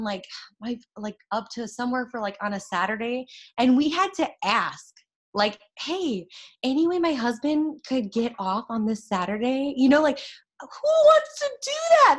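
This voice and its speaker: A young woman giving an excitable, chatty motivational talk to her followers about her network marketing success, full of fillers and laughter. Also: fairly high pitch.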